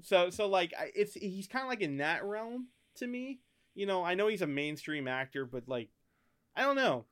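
Rambling, higher-voiced American man. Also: big pitch swings, normal speed. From United States. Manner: rambling, swears often, thinks out loud. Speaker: podcast co-host. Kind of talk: casual chat.

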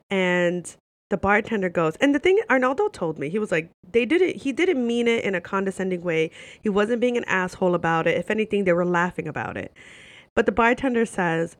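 Animated young American woman, storytelling. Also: lowish voice, brisk. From United States. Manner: animated, swearing, lots of "like" fillers. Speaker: vlogger telling a travel story. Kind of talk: casual storytelling to camera.

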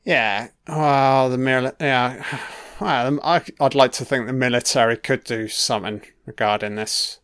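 A man talks through an archival broadcast in casual reaction commentary, his voice sitting at an ordinary middle pitch. He is blunt and swears freely, musing aloud as he goes. The recording is dry and close, with no room sound. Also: fairly even intonation, normal speed, a bit bright, clear, resonant tone, dry recording. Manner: profane, blunt, thinking aloud.

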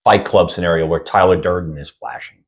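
A man's voice: low voice, a little fast. A man co-hosting a podcast, retelling a film in a casual, rambling way with many restarts. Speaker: podcast co-host reviewing films. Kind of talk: casual chat.

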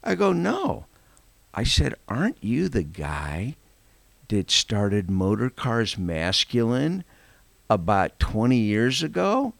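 Low-voiced man telling a heartfelt story. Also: sing-song, slow, vocal fry, dry recording. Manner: earnest, reflective storyteller. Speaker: podcast guest. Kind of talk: storytelling anecdote.

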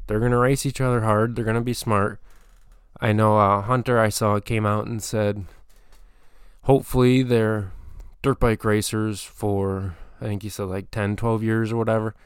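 A man's voice: lowish voice, flat delivery, moderate pace, clean tone, dry recording, clean studio sound. A man hosting a motocross channel, talking through a season preview in a casual, rambling way with plenty of fillers and restarts. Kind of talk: casual solo commentary.

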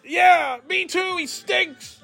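A man putting on the voice of a guy who can only talk in a strained, high-pitched yell since he was struck by lightning. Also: slow, gravelly, soft background music, heavily acted. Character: man stuck talking at a shout after a lightning strike. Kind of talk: comic bit on a solo podcast.

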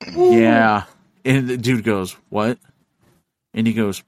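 A man hosting a podcast, telling a story in casual chat, animated and profane, acting out the voices of the people in it. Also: lowish voice, slow, no echo, clean studio sound. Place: studio.

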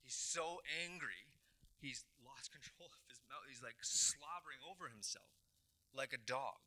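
A middle-aged pastor preaching a sermon in a very bright, crisp voice. He retells the story dramatically and leans hard on repeated words. His pitch sits in an ordinary middle range for a man. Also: expressive, unhurried. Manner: dramatic retelling with acted quotes, emphatic repetitions.

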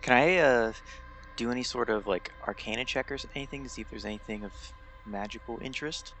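A man's voice: mid-range voice, fast talker, a bit bright, faint music behind. A man playing a tabletop game, talking in a joking, impulsive way. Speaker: player. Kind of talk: casual chat.

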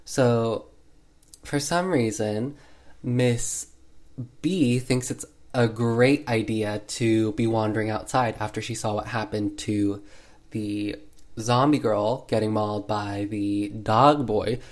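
A man's voice: lowish voice, fairly even intonation, takes it slowly. A man retelling an old film in a casual, sarcastic way, full of 'like' fillers. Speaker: movie recap host. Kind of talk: casual movie recap.

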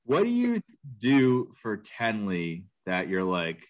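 A man's voice: sits low, sing-song, unhurried. A man in his thirties co-hosting a casual podcast, rambling with lots of filler words. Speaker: podcast co-host. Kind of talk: casual chat.

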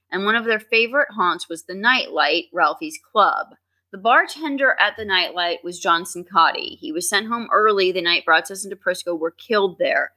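Woman co-hosting a true crime podcast, bright voice, dry little jokes. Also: on the low side. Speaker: podcast co-host.

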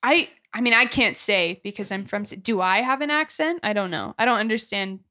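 A young woman from California hosting a casual chat, reacting quickly with laughter. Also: mid-range voice, sharp tone. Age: young adult. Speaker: podcast host.

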